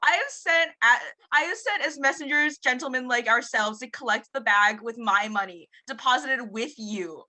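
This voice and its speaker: Brief: huffy valley girl put on by a young woman, a bit higher, drawling. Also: normal speed, hardly any pauses, sharp tone. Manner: drawling, sprinkled with "like".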